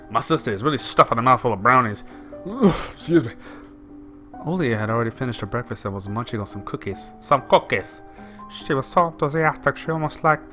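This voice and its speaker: A young man playing a story game, reading its text aloud with playful jokey asides. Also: lowish voice. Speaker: gamer. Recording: loud game music behind.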